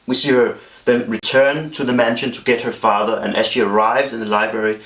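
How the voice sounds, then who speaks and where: A man talking casually as he pitches a movie idea, rambling along with many fillers and restarts. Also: steady tone, brisk, fairly bright tone, roomy sound.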